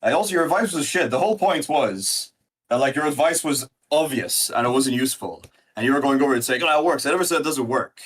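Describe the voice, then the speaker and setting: A man's voice: mid-range voice, lively intonation, fast talker. Dismissive man trading insults on a call. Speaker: debater, YouTuber. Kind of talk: casual online debate.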